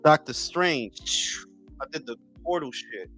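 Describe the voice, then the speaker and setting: A man's voice: mid-range voice, expressive, slow, sharp tone, husky, faint music behind. A man in his forties hosting a boxing talk livestream, chatting casually with viewers in loose, profane, joking banter. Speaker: boxing talk show host.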